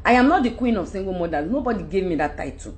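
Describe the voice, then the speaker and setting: A woman's voice: medium pitch, fast. A Nigerian woman in her forties talking straight to camera in a casual, emphatic monologue, jumping from point to point. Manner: animated, emphatic, jumps between topics. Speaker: actress giving advice.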